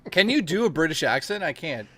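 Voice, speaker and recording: A man from Canada banters loosely on a late-night stream, swearing freely and trading jokes with his co-host. His voice sits a little high and rings bright and forceful. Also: big pitch swings, brisk, faint music behind. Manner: profane, joking, breaks into laughter.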